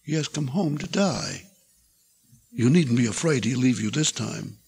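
Weary, tender farm wife, read by an older man: soft and pleading, raspy grain, reverberant lecture-hall tape. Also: medium pitch, animated, measured pace, voice pushed down, heavily acted. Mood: gentle pleading. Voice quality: gravelly, husky voice.

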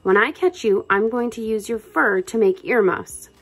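A woman voicing a fierce, quick-tempered female mouse who shrieks and yells orders at her brother. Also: fairly high pitch. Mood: furious. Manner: angry, commanding.

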